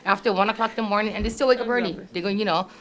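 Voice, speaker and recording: With a crowd in the background, a Hawaii-accented woman in her sixties rattles off family stories at a reunion in a rapid-fire, steady, medium-pitched voice. Chatty and quick to laugh, she mimics her relatives as she reminisces casually.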